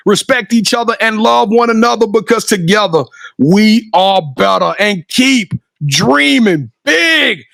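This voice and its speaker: A man with a Southern American accent co-hosting a sports talk show, effusive and hyped, shouting catchphrases. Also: high voice, animated, measured pace, vocal fry, dry recording. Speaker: podcast co-host. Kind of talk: enthusiastic show wrap-up and outro.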